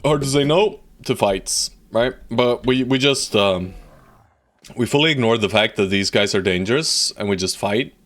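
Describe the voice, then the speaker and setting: A man's voice: medium pitch, normal speed, a bit bright. A man streaming a strategy game live, chatting playfully to viewers and bossing his units around with casual swearing. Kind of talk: live gameplay commentary.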